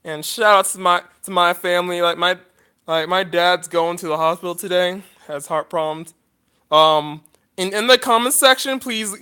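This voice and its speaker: A man with a high, bright and smooth voice rambles through a casual vlog monologue for his viewers. He sounds emotional, apologizes often and keeps restarting his sentences. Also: moderate pace. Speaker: YouTuber.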